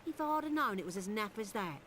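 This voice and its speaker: An actress playing a sharp-tongued young female pirate who scolds and snaps quickly. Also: mid-range voice, animated, a little hiss or hum, lightly acted. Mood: scornful.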